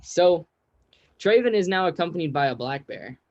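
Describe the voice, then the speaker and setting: A man narrating a tabletop game as game master, telling the scene in a relaxed way with frequent laughs. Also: fairly high pitch, normal speed, no room sound, dull audio. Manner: relaxed storytelling, laughs often.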